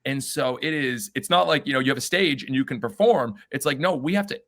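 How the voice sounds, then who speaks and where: A man, a podcast guest, telling stories in an energetic, enthusiastic way. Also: medium pitch, fairly quick. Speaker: guest, baseball team owner. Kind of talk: conversational podcast interview.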